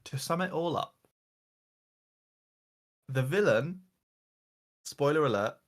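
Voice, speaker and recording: A man's voice: a little high, expressive, takes it slowly, a crowd in the background. A man ranting as the reviewer, exasperated and mocking, swearing often as he goes through slides. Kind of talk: casual comedic rant.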